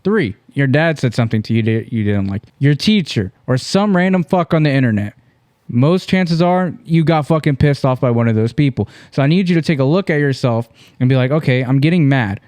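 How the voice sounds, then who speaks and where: A man of middle pitch co-hosts a casual podcast. He talks to the listeners directly and crudely. His voice sounds dry and close, with no room around it. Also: expressive, a little fast, a little mellow, dry recording. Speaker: podcast co-host.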